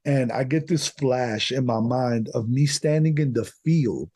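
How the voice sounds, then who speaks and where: Mellow-voiced New man telling a story. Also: mid-range voice, measured pace, slightly rough, dry recording. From Bronx, New York. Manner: rambling, lots of "like" fillers. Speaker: podcast guest. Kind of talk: personal storytelling.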